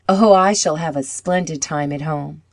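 A woman reading the lines of an eager, boastful schoolboy in a storybook, lifting her voice with excitement. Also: low-pitched, moderate pace, dry recording, clean studio sound.

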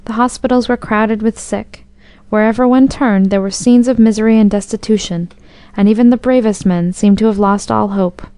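Mellow-voiced woman reading a storybook. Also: medium pitch, smooth, no echo. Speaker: narrator. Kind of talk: storybook narration.

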